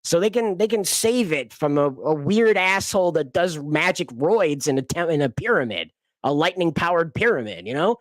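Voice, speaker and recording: A man's voice: a little high, animated, moderate pace, dry recording, clean studio sound. A man hosting a casual commentary stream, rambling and swearing with frequent laughs. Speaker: host.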